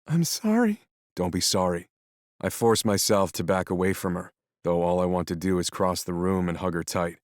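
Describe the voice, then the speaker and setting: A man reading a first-person audiobook narration in a steady, measured way. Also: deep voice, dry recording, studio quality.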